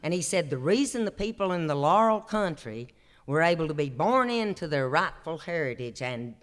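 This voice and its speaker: A man's voice: fairly high pitch, sing-song, moderate pace. A man in his sixties with an Appalachian accent, telling homespun stories on a stage in a drawling, chuckling way. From Appalachian North Carolina. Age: 60s. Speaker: traditional singer and storyteller. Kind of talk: folksy storytelling on stage. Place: opera house stage, live show.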